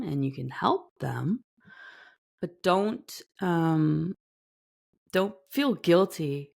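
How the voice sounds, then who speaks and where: A woman's voice: sits low, a little mellow. A woman hosting a self-help podcast, talking earnestly in a casual monologue and acting out little quoted voices. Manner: earnest, talks animatedly, acts out quoted voices. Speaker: podcast host.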